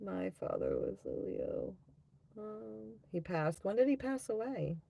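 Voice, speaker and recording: A woman's voice: medium pitch, expressive, unhurried, vocal fry, mellow, no echo. A woman in her thirties from the United States, chatting bluntly and profanely on a livestream tarot reading, reading out chat comments and laughing often. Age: 30s.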